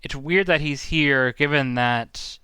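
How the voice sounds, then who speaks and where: A man's voice: a little high, slow pace, sharp tone, smooth, no room sound. A man co-hosting a podcast, giving thoughtful, analytical opinions in casual chat, with vivid comparisons.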